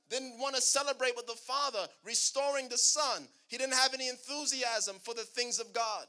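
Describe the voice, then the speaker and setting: A male pastor preaches a sermon in a very high-pitched, bright, forceful voice, keeping a steady tone at normal speed with hardly any pauses. He calls out to the congregation and asks it to answer back.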